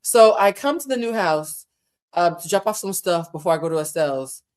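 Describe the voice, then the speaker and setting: A woman in her thirties hosting a relaxed livestream, talking in a chatty, loose way with a lilt. She laughs often and swears freely, and her voice sits a little low for a woman, swinging widely as she tells her stories. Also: moderate pace. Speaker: host. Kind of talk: casual livestream chat.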